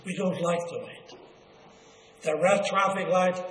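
An older man, preaching a slow, earnest sermon. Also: high voice. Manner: slow, earnest, drawn-out delivery with quoted asides. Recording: echoey hall, faint ambience.

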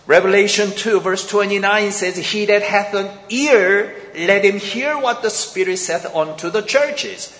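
Slow man lecturing in an echoey hall. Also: high-pitched, fairly bright tone. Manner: slow, methodical, explaining grammar step by step. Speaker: bible teacher. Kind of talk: sermon-style bible lecture. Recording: echoey hall with long reverb.

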